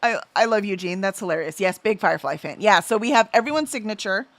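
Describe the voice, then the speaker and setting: A woman's voice: mid-range voice, animated, quick pace, a bit bright, no room sound. A woman hosting a casual livestream, chatting and reading out viewer messages, easily sidetracked and full of fillers. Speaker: livestream host.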